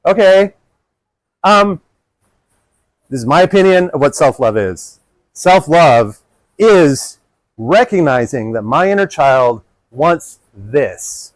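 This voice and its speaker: A man giving a live workshop talk to a group. He speaks animatedly and acts out his inner child in a higher voice. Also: no echo, rough recording.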